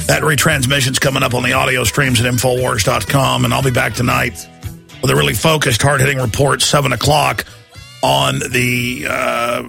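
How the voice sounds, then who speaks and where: A man's voice: fairly high pitch, vocal fry, pushed and bright, no echo. A man hosting a talk radio show, delivering an urgent, pleading monologue.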